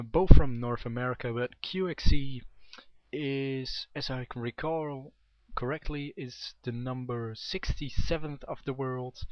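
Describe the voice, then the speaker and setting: A man's voice: mid-range voice, no echo. A young man casting a video game match in a chatty, rambling way, often correcting himself. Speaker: game commentator. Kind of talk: amateur esports commentary. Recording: dull, dry home mic.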